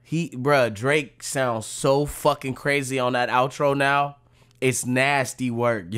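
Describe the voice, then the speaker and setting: A man's voice: medium pitch, fairly even intonation, slow pace, a bit bright, clear, resonant tone. A man reacting to rap diss tracks in casual, profane, mocking commentary, laughing often.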